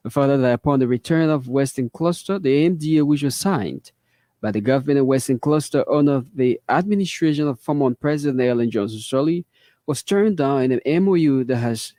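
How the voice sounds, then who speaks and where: A man with a Liberian English accent, reading a formal news report at a measured pace. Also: mid-range voice, dark tone, dry recording. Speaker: news anchor.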